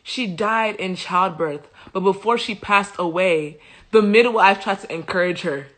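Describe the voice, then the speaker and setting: Animated slangy woman joking through scripture. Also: medium pitch, a little slow. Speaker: host. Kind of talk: comedic Bible commentary on a live stream.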